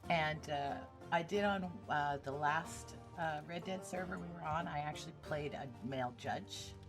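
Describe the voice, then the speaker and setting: A woman's voice: low voice, normal speed, over music. A woman hosting a casual podcast chat, telling stories bluntly and with animation. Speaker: podcast host.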